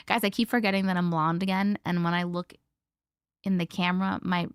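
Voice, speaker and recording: A young woman hosting a casual livestream from home, chatting with viewers in a scattered, playful way with quick laughs and silly repeated noises. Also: lowish voice, little pitch movement, smooth, no echo, clean studio sound. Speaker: livestream host reading viewer stories. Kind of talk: casual live chat with viewers. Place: home room.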